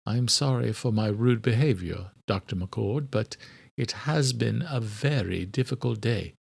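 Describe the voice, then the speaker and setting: A man's voice: lowish voice, a little slow, vocal fry, husky, exaggerated voice. A man voicing an elderly male doctor in a storybook audio drama, speaking stiffly and formally. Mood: weary.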